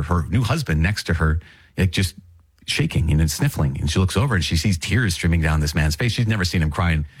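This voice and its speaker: A man's voice: sits low, breathy edge, no echo, studio quality. A man hosting a podcast on the Catholic catechism, reading passages and then explaining them in an earnest, chatty way, often repeating key phrases. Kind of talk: casual teaching with read passages.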